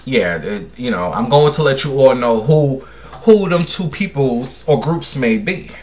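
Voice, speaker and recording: A man's voice: medium pitch, animated, a little slow, a little mellow. A man hosting a casual gossip livestream, sassy and brash as he talks to his viewers. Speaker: livestream host.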